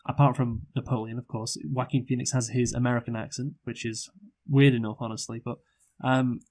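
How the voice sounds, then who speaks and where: A man in relaxed conversation about a film, his speech full of "you know" and "like", stumbling restarts, and the odd curse. His pitch sits in an ordinary middle range for a man. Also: fairly quick. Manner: rambling, profane, lots of fillers and restarts. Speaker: podcast co-host, film reviewer. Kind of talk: casual review chat.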